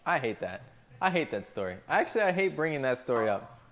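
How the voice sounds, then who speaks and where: A man's voice: medium pitch, very animated, a little fast, noisy background. A man cooking on a livestream who talks to his chat and tells exasperated, profane stories about difficult restaurant customers. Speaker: restaurant cook streaming to chat. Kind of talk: casual livestream rant while cooking.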